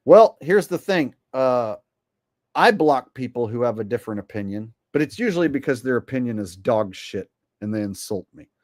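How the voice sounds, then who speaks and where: A man's voice: mid-range voice, animated, normal speed, a little mellow, no room sound, clean studio sound. A man hosting a commentary vlog and reading viewer donations, with a rambling, sarcastic and profane way of talking.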